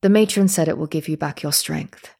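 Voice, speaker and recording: A woman voicing a caring young husband in a storybook reading, speaking softly and soothingly. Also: low-pitched, fairly quick, gravelly. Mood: tender. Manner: soft and hushed, comforting.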